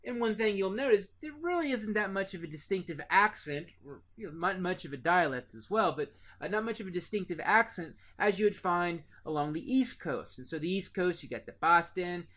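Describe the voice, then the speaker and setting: A man's voice: high voice, expressive, brisk, few pauses, a bit bright. An American man giving a casual recorded geography lecture, with many fillers and restarts. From United States. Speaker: teacher.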